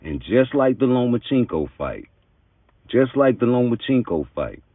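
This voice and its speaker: A man's voice: medium pitch, very animated, moderate pace, dry recording. A man giving an emphatic, argumentative boxing commentary in blunt street talk. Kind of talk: opinionated commentary monologue. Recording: tinny phone-like dry sound.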